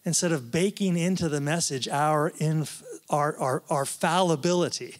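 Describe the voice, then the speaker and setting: A man's voice: on the high side, moderate pace. A man, a professor, giving a conversational talk at a church, with asides and frequent restarts. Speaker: guest speaker, professor.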